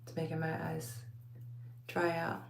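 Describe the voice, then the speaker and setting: A woman's voice: low voice, monotone, unhurried, creaky, echoey room, slight background noise. A woman with a Texas accent chatting casually to her viewers late at night at home, rambling, laughing often and calling them y'all. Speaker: vlogger talking to viewers. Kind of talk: late-night casual chat while taking out braids. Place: home at night, under a bright light.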